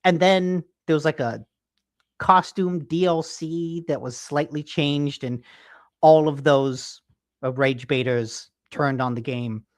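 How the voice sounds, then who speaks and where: A man's voice: on the high side, slow, no echo. Rambling, teasing man on a dry mic. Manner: rambling, teasing, filler-heavy. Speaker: podcast co-host. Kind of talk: casual chat. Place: home office.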